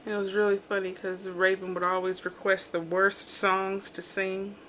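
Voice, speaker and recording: A middle-aged woman hosting a home channel, telling family stories in casual chat and acting out the quotes loudly. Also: mid-range voice, normal speed, a little hiss or hum. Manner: animated storyteller, acts out quotes loudly. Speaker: channel host.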